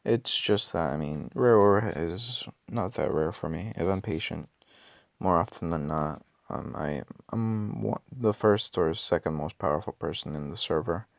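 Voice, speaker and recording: Raspy, gravelly low-voiced man. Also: measured pace, a bit bright, no echo. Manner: thinks aloud with many ums and self-corrections. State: just woke up. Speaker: mobile game player. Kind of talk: casual gameplay commentary.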